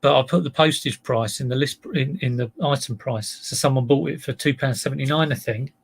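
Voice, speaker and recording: A middle-aged man talks casually to his livestream viewers, rambling along and poking fun at himself. His voice carries a gravelly edge and a husky, slightly rough grain. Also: mid-range voice, brisk. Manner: chatty, rambling, self-deprecating. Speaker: reseller livestreamer.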